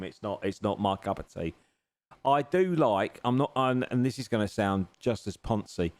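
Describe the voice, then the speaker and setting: A man streaming a racing game, chatting with his viewers in a jokey, teasing way and thanking them as he goes. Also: lowish voice. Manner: jokey, teasing banter, grateful to chat. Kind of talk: live-stream chat with viewers while racing. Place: home sim racing rig.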